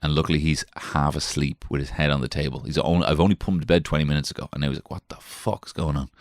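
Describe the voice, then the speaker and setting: A man with a very deep, gravelly voice, recorded close and dry. He rambles through a comic story, swearing freely and laughing at himself. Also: fairly even intonation, racing, no room sound. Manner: swearing, self-mocking, jumps between put-on voices. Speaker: comedian podcast host. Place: small garden shed.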